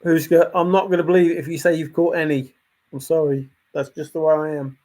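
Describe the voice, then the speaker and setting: A man's voice: a little high, level tone, brisk, a little mellow. A man who hosts a channel, ranting in a casual, exasperated way and repeating his points. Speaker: channel host. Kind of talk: casual opinion rant.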